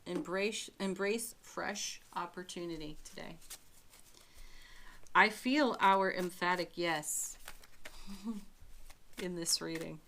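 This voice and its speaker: Woman tarot reader, slow unhurried delivery, lowish voice, faint hiss in the background. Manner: slow, gentle, with soft frequent laughs. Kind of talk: spiritual tarot reading to camera.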